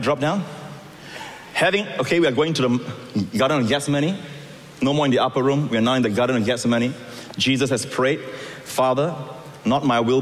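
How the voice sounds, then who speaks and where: A man preaching a sermon, acting out the scripture voices and moving between loud calls and soft, quiet lines. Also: fairly high pitch, long reverb tail. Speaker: pastor.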